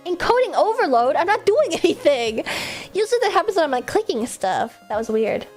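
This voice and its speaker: Bubbly, high-voiced young woman streamer. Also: sing-song, brisk, a little mellow, soft background music. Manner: bubbly and rambling, laughs often, swears casually. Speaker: livestreamer. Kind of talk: casual stream chat.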